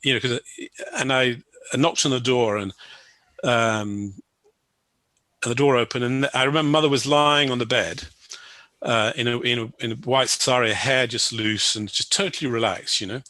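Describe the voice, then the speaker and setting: Male guest, crisp dry voice, meandering anecdote full of restarts. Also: medium pitch, normal speed, pushed and bright, no echo. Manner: rambling, full of "you know" and restarts. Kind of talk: personal storytelling.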